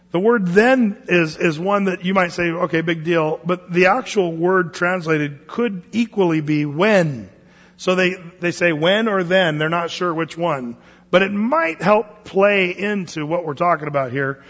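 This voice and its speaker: A pastor teaching a sermon verse by verse in a conversational way, with frequent asides and restarts. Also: male voice, a little high, fairly bright tone, big-room sound, dull audio.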